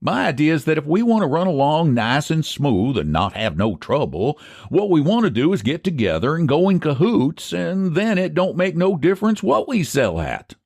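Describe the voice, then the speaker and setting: A man's voice: fairly high pitch, very animated, normal speed, few pauses, darkish tone, no echo, clean studio sound, voice pushed up. A man voicing a sly, scheming older rural pie seller with a rural American dialect and a folksy drawl. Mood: sly, stubborn. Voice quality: folksy drawl, old-fashioned country grammar.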